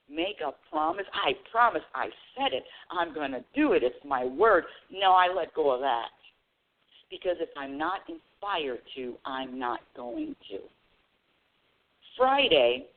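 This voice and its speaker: A woman radio show host telling a casual, animated story about her week, with bursts of high excited squeals. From United States. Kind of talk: casual spiritual talk monologue. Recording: tinny phone-line audio.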